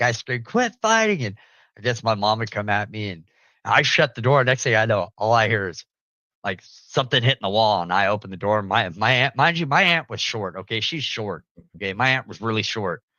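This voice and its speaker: Young man, casual storytelling, bright forceful voice, dry close sound. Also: no echo, dull audio. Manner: animated storyteller, jumps into loud high-pitched quoted voices, laughs often.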